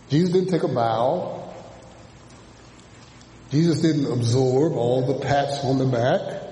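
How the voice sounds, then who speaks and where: A man preaching a sermon, dropping low and then rising to shouts as he mimics churchgoers. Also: a little hiss or hum. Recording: echoey hall from a distance.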